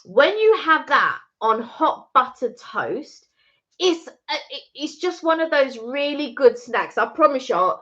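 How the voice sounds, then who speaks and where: A British woman chatting on a live stream in a bright, animated voice that swings freely in pitch. She argues her case with insistent repetition. The audio is slightly muffled and lo-fi. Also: unhurried. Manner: emphatic, persuasive, repeats her point. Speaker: co-host of a live chat stream. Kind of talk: casual live-stream chat.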